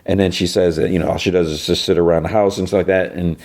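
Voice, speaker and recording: A male podcast host casually recapping an episode, rambling loosely with lots of fillers and quick snatches of character voices. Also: sits low, steady tone, a little mellow. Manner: rambling, loose, full of "you know" and "whatever", briefly mimicking characters.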